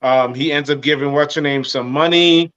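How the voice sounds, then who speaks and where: A man's voice: a little high, fairly even intonation, normal speed, crowd noise. Man on dull, lo-fi audio. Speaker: podcast panelist. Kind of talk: casual film discussion.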